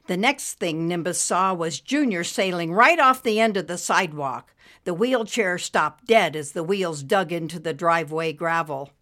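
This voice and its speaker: A woman reading a story aloud as narrator, expressive and lively. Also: lowish voice.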